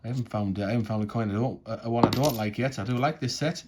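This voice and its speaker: A man's voice: medium pitch, racing, very noisy. A man musing aloud in a casual unboxing commentary, chatty and tripping over words. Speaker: coin collecting vlogger.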